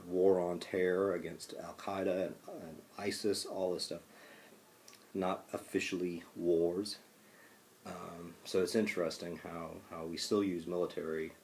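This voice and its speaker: A man's voice: sits low, darkish tone, a little hiss or hum. A man giving a casual classroom lecture, conversational with frequent fillers and restarts. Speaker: college lecturer.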